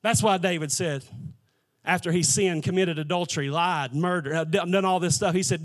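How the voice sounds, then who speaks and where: A man's voice: sits high, normal speed. A man preaching a sermon as pastor, building to impassioned, repetitive cadences.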